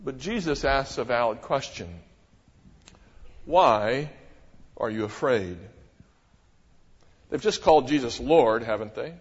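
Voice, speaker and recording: A middle-aged man preaching a sermon as a pastor, talking in an animated way with many rhetorical questions and sudden emphasis. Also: medium pitch, takes it slowly, pauses often, slightly rough. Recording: dull, echoey church hall.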